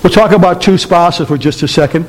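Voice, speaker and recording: A man preaching a lively, joking sermon as pastor, firing rhetorical questions at the congregation. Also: high-pitched, fairly quick. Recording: long reverb of a large hall.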